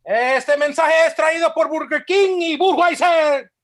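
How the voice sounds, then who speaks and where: Man improviser, confident store announcer, very high voice. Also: a little slow. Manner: confident, declaiming announcer delivery. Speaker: improv performer playing a coworker. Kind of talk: improvised comedy scene.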